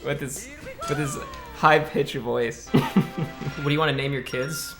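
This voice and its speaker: Chatting casually with viewers during a live-streamed speedrun, this young man is blunt, profane and jokey. He speaks a little slowly in a steady, medium-pitched voice, while game music plays clearly underneath.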